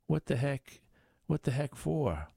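A man's voice: fairly low pitch, lively intonation, normal speed, mellow, dry recording. A man voicing a beefy corporal dealing cards, grim and scornful. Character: beefy gruff male corporal, doom-laden dealer.

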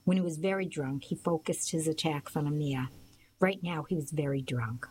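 A woman narrating a first-person novel as an audiobook, in a steady storytelling manner. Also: sits low, normal speed, poor audio.

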